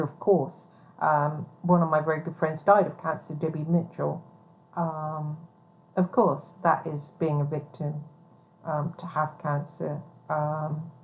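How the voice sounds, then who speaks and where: A woman giving a rambling personal monologue as a vlogger, hesitant with many ums, blunt and swearing. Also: sits low. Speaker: private investigator vlogger. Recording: dull lo-fi recording.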